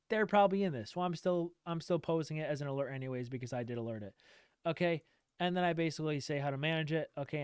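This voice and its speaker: Male trading streamer, emphatic and repetitive, resonant tone, somewhat high, dry close sound. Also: darkish tone, smooth, dry recording. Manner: emphatic, repetitive, swears casually. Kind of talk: direct-to-camera rant.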